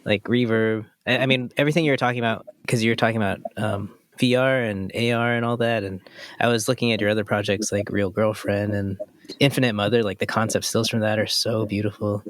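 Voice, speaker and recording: A man co-hosting a podcast, enthusiastic and full of slang. His voice is low. It is recorded close and dry. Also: fairly even intonation, brisk, dry recording. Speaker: podcast co-host. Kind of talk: casual chat.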